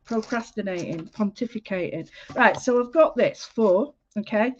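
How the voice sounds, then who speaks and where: A woman's voice: mid-range voice, moderate pace, lo-fi sound. Chatty woman hosting a live art class. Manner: chatty, warm greetings, self-interrupting. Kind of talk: casual livestream art lesson.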